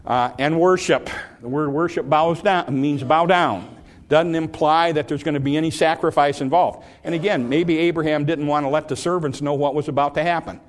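A man's voice: a little high, steady tone, normal speed. Middle-aged male preacher, earnest sermon delivery with repetition and rising emphasis. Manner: earnest, repeats phrases, voice climbs on emphasis. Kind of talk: sermon, Bible teaching.

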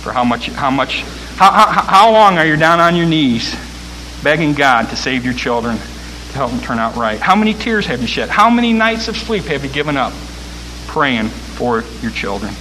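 A man preaching a sermon, building from calm talk to loud, pressing appeals. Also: medium pitch, moderate pace, slight background noise, low-quality recording.

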